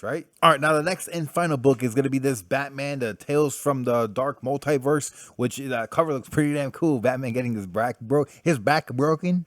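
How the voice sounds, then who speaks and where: A young man giving a casual spoken comic book review, blunt and animated, swearing freely and full of fillers. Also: a little high, no room sound, studio quality.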